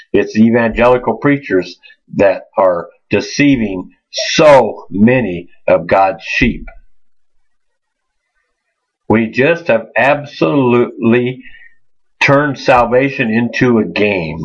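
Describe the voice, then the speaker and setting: An earnest man preaching a sermon, stumbling and repeating himself as he goes. His voice is husky, and the recording sounds muffled and lo-fi. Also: mid-range voice. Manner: earnest, halting, repeats words. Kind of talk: informal sermon.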